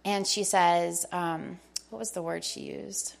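A woman's voice: fairly low pitch, fairly even intonation, takes it slowly, vocal fry. A middle-aged woman telling a personal faith testimony to a congregation, eager and storytelling, acting out the dialogue she recounts. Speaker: church member sharing testimony.

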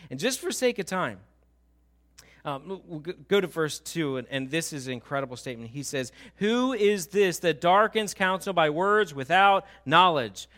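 A man's voice: a little high, fairly bright tone. A male pastor giving a conversational, emphatic sermon and asking his listeners questions.

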